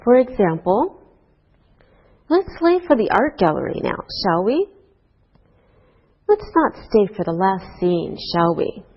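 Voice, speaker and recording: A woman teaching an English grammar lesson to a class, speaking slowly and deliberately through example sentences. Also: medium pitch, very animated, slightly rough. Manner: slow, deliberate teacher talk with rising and falling example tags. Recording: dull lo-fi course recording.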